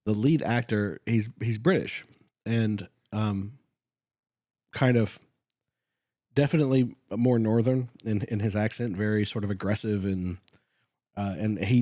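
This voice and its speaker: Male host, low voice, rambling casual chat, dry sound. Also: warm tone, no echo. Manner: rambling, filler-heavy talk. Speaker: reaction channel host.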